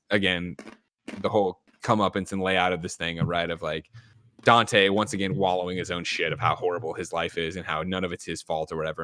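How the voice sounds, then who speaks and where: A podcast host talks through a movie's scenes in a rapid, casual rush, dropping swear words as he goes. His voice sits low, and the sound is dry and close with no room around it. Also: a bit bright, dry recording. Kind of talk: casual movie review chat.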